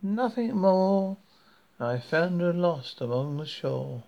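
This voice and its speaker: A man's voice: sits high, expressive, vocal fry, dull audio, exaggerated voice. A man putting on a cold, stern old woman. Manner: cold, firm, measured. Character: cold, stern elderly woman protecting a siren.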